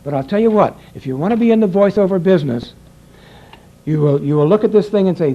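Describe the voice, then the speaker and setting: A man's voice: sits high, lively intonation, fast talker, highs cut off. An older man who directs voiceover sessions, giving a rambling, conversational lecture to an audience and acting out exchanges from the studio.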